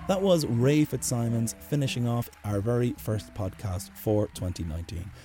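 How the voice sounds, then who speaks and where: A man hosting a podcast, reading an outro in a relaxed, plain manner. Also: medium pitch, moderate pace, soft background music. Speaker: podcast host.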